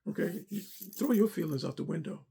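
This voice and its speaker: A man's voice: fairly high pitch, lively intonation, brisk, vocal fry, warm tone, husky. A middle-aged man speaking earnestly and a little preacherly as he gives a personal testimony about serving as a pastor's driver and armor bearer. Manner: earnest, preacherly, repeats himself.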